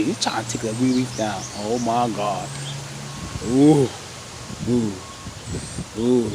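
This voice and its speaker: A man casually recapping a TV episode, animated, exclaiming and laughing as he retells the scenes. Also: medium pitch, slow, long pauses, a little hiss or hum. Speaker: TV episode reviewer.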